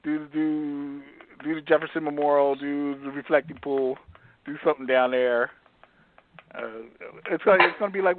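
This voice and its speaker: A man with a slightly high voice chats on a thin, tinny phone line, laughing often and restarting his sentences. He sounds animated as a comedian guest, with a faint hiss under him. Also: normal speed. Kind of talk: casual phone interview chat.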